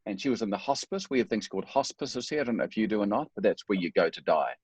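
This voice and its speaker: A man's voice: on the low side, lively intonation, quick pace, slightly rough, no echo. A middle-aged man speaking as a guest, telling his life story in an earnest, reflective, self-deprecating way. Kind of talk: personal storytelling in a talk.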